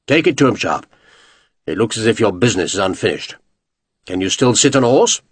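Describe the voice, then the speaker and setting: A man voicing a stern general who speaks in a lower, curt and commanding way. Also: expressive, a little fast, husky, dry recording. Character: stern clipped male general, dry and commanding.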